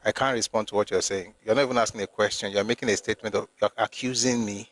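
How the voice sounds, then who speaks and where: A Nigerian man hosts a live stream, reading passages from history books aloud and arguing pointedly with commenters, sometimes growing emphatic. His voice is fairly low and a bit bright, with fairly even intonation and a fast pace. The recording has no echo.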